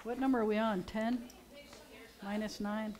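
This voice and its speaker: A woman's voice: medium pitch, fairly even intonation, normal speed, darkish tone. A woman rabbi, chatting playfully as she teaches Hebrew letters at a service. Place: synagogue sanctuary.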